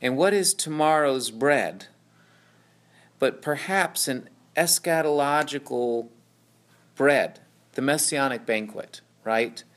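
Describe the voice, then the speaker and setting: A man's voice: medium pitch, slow, a bit bright. A man teaching about a Bible passage, explaining at length and often checking in with "right?" and "okay?". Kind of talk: teaching talk on scripture.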